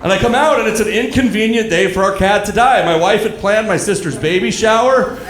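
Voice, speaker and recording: A man in his thirties performing a stand-up comedy set, telling dark stories in a deadpan way with asides to the audience. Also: high voice, brisk. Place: comedy club stage, live audience. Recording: echoey club room with crowd laughter.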